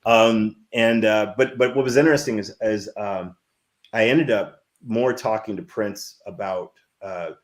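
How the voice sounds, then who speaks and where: A man in his fifties, a filmmaker guest telling stories in a casual interview, animated and rambling with many restarts. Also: on the low side, a little slow.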